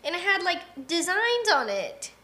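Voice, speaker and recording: A woman's voice: very high-pitched, big pitch swings, moderate pace, bright, forceful tone. A young woman co-hosting a livestream in casual chat, telling stories and reading viewer comments aloud. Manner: chatty storytelling, reads viewer comments aloud. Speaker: livestream co-host.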